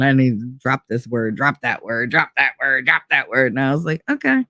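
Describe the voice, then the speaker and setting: Low-voiced woman telling a lively story. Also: moderate pace, few pauses, dry recording, clean studio sound. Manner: animated, laughing, quoting others in raised voices. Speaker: podcast host. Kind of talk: casual storytelling chat.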